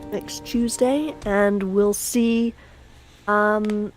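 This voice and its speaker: A woman's voice: mid-range voice, steady tone, extremely slow, soft background music. A woman from Yorkshire with a Yorkshire accent, co-hosting a game stream, chatty and teasing as she reads out chat. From Yorkshire, England. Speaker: co-host. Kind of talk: casual stream chat, reading chat aloud.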